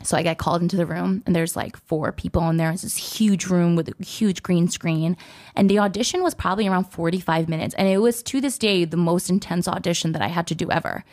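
A woman's voice: fairly low pitch, fast talker. Chatty young woman telling a story. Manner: chatty, animated, acts out quoted voices. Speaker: entertainment host. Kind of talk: casual storytelling.

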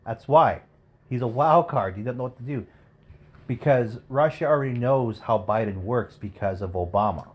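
A man's voice: mid-range voice, normal speed. A man co-hosting a podcast, telling stories in a crude, profane casual chat. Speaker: podcast co-host.

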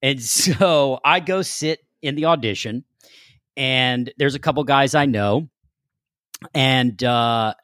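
Man telling an animated anecdote. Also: medium pitch, slow pace, no room sound, clean studio sound. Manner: animated storyteller who swears casually. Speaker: actor.

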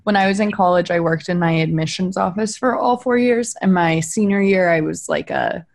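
An upbeat young woman from Kentucky co-hosts a podcast, her voice sitting slightly low. She is playful and casual, teasing with a put-on drawl. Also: moderate pace, vocal fry. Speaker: podcast co-host. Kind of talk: casual chat.

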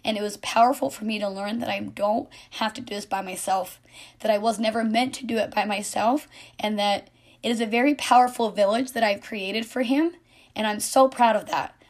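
Woman, 30s, earnest, heartfelt, soft-spoken, medium pitch. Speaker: mother of an autistic son. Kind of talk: personal reflective monologue.

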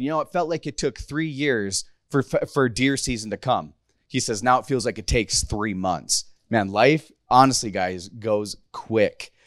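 A man's voice: mid-range voice, dry recording, clean studio sound. A man in his thirties giving a casual, emotional sermon to a youth group, candid and rambling with frequent restarts. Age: 30s.

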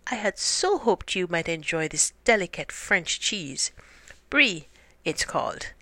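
A woman's voice: on the low side, sing-song, measured pace, pushed and bright, dry recording, heavily acted. A woman voicing a polite, gracious male dog in a storybook reading. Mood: courteous. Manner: genteel, courteous.

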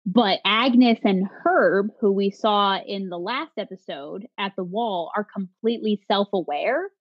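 A woman's voice: medium pitch, measured pace, slightly rough, muffled recording. A woman co-hosting a casual review podcast over a video call, recapping scenes in a chatty way. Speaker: podcast co-host. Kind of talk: casual chat.

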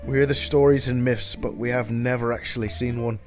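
A man trying to mimic an Irish woman's accent in a halting, self-conscious way. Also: mid-range voice, fairly even intonation, faint music behind, natural voice. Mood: mock accent.

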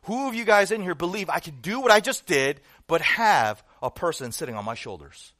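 A man voicing a bold male tightrope walker who shouts challenges to a crowd in a retold story. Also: mid-range voice, animated, fast talker, no room sound, clean studio sound, voice pushed down. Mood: challenging. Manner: loud challenging calls to a crowd.

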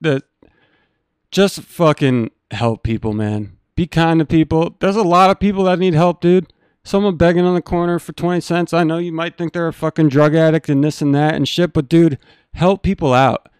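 A man's voice: on the high side, normal speed, a little mellow, clear, resonant tone, no room sound, clean studio sound. A man hosting a live stream, talking in a blunt, earnest, profane way to his viewers. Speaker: stream host. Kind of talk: casual chat.

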